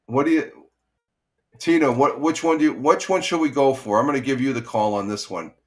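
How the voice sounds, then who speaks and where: Brisk and medium-pitched, a middle-aged male host chats through a casual morning live stream, greeting viewers by name. He rambles, restarts a lot, and chuckles along the way.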